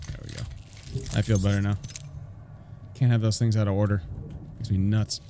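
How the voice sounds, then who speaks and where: A man streaming a video game, giving casual running commentary with quick reactions. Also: on the low side, level tone, background noise. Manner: casual, talks to himself while playing, quick reactions. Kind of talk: live gameplay commentary. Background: game music and sounds.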